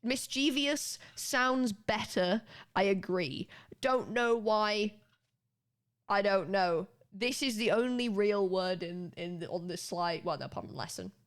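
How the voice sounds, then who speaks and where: A woman's voice: mid-range voice, unhurried. A British woman streaming live, chatting casually and laughing often as she teaches a spelling lesson to her viewers.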